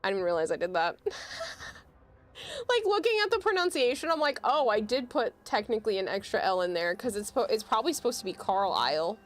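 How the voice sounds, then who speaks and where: A woman's voice: mid-range voice, sing-song, fairly quick. A woman, chatting casually on a livestream and explaining with amused laughs.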